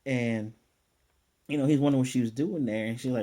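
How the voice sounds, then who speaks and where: Mellow-voiced man rambling through an anime recap. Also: mid-range voice, steady tone, fast. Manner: rambling, loose, checks his notes aloud. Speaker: anime reviewer. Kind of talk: casual recap.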